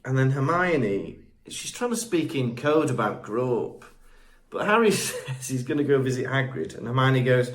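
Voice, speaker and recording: A man's voice: medium pitch, lively intonation, normal speed. A man co-hosting a casual podcast, jokey and given to exasperated rants. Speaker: podcast co-host. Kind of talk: casual chat. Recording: echoey room.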